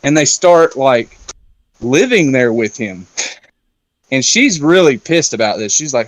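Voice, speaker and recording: A man's voice: medium pitch, lively intonation, measured pace, pauses often, no room sound. A man in a casual round-table talk, loosely retelling a film plot with lots of fillers and swearing. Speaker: round-table discussion guest.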